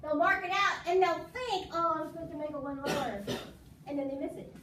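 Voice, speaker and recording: A woman's voice: sits high, fairly quick, fairly bright tone. A woman teaching subtraction at home, patient and coaxing, drilling a student in call-and-response. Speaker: math teacher. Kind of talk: casual home math lesson. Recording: echoey room from far off, faint background noise.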